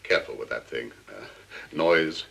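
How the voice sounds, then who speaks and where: A dry, gravelly English agent. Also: male voice, extremely low pitch, moderate pace, a bit bright, exaggerated voice. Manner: understated, dry and ironic. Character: cool, dry-witted British secret agent. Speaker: secret agent. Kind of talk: 1960s TV drama acting.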